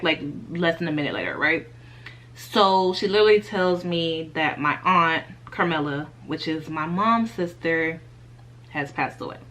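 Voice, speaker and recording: A young woman vlogger giving a candid life update, chatting straight to her viewers as y'all and baby and laughing softly through a sad story. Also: fairly low pitch.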